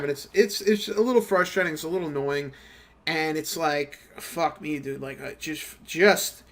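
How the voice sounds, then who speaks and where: A man's voice: fairly high pitch, fairly bright tone. A young man casually ranting about work while playing a game, profane and slangy, telling stories with quoted back-and-forth. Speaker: gaming channel host. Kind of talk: casual commentary over gameplay.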